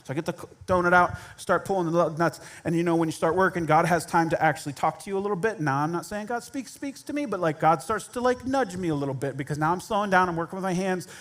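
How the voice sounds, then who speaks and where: A man's voice: high-pitched, fast talker, hardly any pauses, fairly bright tone. A male pastor telling a personal story in a conversational sermon, self-deprecating and laughing at himself.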